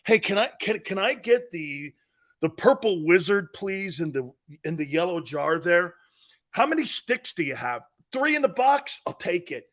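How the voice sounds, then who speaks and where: A man's voice: sits high, sing-song, moderate pace, a bit bright. A man doing a stoned laughing caller. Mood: mocking stoned. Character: stoned male caller buying weed, laughing.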